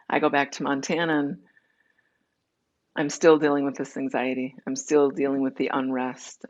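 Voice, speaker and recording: The audio is dull, and this woman's voice is extremely low and a little mellow. As an interview guest, she tells her personal story candidly in quick runs, acting out the dialogue along the way.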